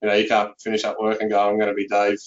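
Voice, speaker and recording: An accountant speaking as a guest in a relaxed interview, filling his speech with "you know". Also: fairly low pitch, racing, highs cut off. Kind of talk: conversational interview.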